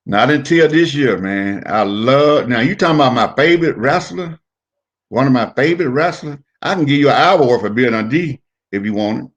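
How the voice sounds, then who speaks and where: A middle-aged man spins profane stories about his wrestling days, animated and loose. His voice sits at an ordinary pitch, neither high nor low, and he acts out everyone in his tales. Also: moderate pace. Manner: profane, animated storyteller who acts out quotes. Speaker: former pro wrestler, interview guest. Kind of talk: casual storytelling interview.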